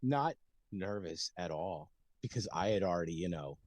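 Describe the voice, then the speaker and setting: A man's voice: sits low, animated, normal speed, darkish tone, no echo. A man in his thirties, a podcast co-host, rambling through a story with frequent laughs and swearing. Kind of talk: casual chat.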